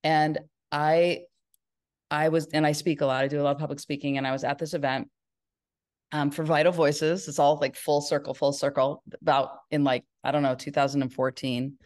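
A woman's voice: low-pitched, flat delivery, moderate pace, darkish tone. A middle-aged woman from Northern California, a filmmaker guest in an interview, telling her story in a rambling way with many restarts.

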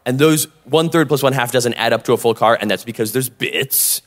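A man co-hosting a live podcast, telling a story in a lively, animated way. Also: medium pitch, fairly quick. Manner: animated, acts out both sides of quoted exchanges. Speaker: podcast co-host. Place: convention stage with long reverb. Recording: live hall reverb.

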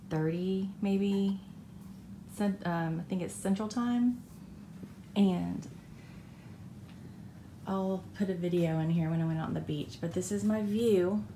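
Woman vlogger, slow warm rambling delivery, faint ambient hiss. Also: on the low side. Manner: rambling, with fillers and self-corrections. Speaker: cross-stitch vlogger. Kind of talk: casual show-and-tell chat. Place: condo balcony by the beach.

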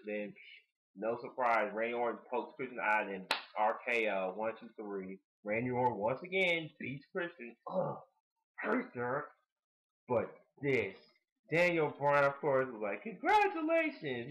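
A man giving a casual video review of a wrestling show, talking like an excitable fan with plenty of fillers and the odd swear word. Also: medium pitch, normal speed, lo-fi sound.

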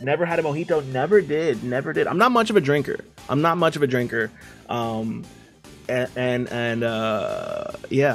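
A male game streamer in a loose, chatty mood, riffing on viewer messages with a playful and rambling delivery. His voice sits at a middle pitch, and faint music plays underneath. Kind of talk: casual live-stream chat, reading out viewer messages.

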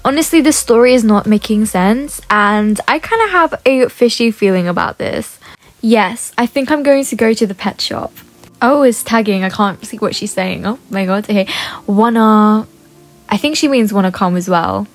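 A young woman giving casual game commentary to her viewers, chatty and excitable, often gasping and gushing as she talks. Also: mid-range voice, normal speed, soft background music. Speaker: gaming YouTuber.

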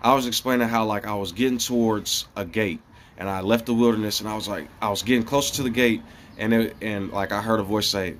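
Male vlogger with a low voice, earnest and rambling, slight noise behind him. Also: fairly even intonation, a little fast. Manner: rambling and earnest, with many fillers and restarts. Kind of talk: casual spiritual monologue.

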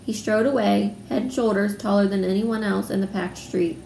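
A woman reading a children's novel aloud in a steady storytelling manner. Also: mid-range voice, normal speed, gravelly. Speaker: readalong reader. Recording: roomy room, faint background noise.

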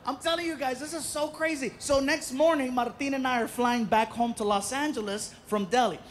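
A man telling a stand-up story in an animated way, jumping into voices and shouts. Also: very high-pitched, a little fast, a little hiss or hum. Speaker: stand-up comedian.

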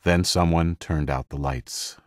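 A man narrating an audiobook in a steady, measured way on a close microphone. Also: low-pitched, no echo. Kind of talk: scripted narration.

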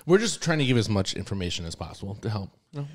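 A man's voice: fairly low pitch, sing-song, quick pace. Laid-back podcast host, man. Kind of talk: casual podcast interview.

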